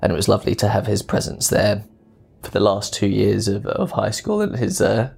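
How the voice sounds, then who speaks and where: Gravelly-voiced young man in his twenties. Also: lowish voice, normal speed, faint music behind. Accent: English with Australian touches. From England. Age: 20s. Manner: animated storytelling with playful quoted voices. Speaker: guest. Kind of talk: casual interview answers.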